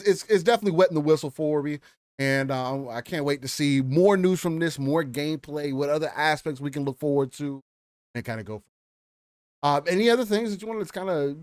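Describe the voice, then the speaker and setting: A man co-hosting a gaming podcast who talks loosely and with excitement, letting the odd swear word slip. His voice is a bit high for a man, and the recording sounds dry and close. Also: no room sound. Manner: loose and hyped, swears casually. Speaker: podcast co-host. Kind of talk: casual gaming podcast chat.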